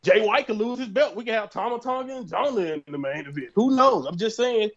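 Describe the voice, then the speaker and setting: A man co-hosting a podcast, talking in a relaxed, chatty way about his own show. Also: sits high, a little fast, few pauses. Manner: relaxed, chatty, self-promoting. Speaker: podcast co-host. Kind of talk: casual podcast chat. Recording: dull lo-fi sound.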